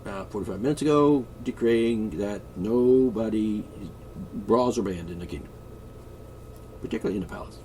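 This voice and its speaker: A man's voice: lowish voice, moderate pace, a little mellow, distant mic, a little hiss or hum. A man vlogging a rambling comic monologue, joking in a mock-royal tone.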